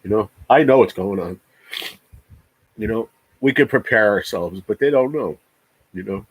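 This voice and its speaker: A man's voice: lowish voice, moderate pace, slightly rough, no room sound, rough recording. A man in his forties hosting a casual livestream chat, talking in an emphatic, profane rant and often repeating himself. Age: 40s. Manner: repeats words. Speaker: livestream host.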